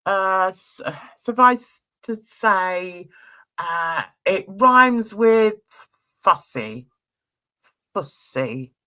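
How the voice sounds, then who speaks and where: Gossipy woman chatting about a reality show, bright voice, swings way up and down, blunt and cheeky, keeps laughing. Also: medium pitch, extremely slow. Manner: gossipy, animated, laughs often; blunt, uses cheeky slang. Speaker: reality TV reviewer. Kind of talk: casual commentary.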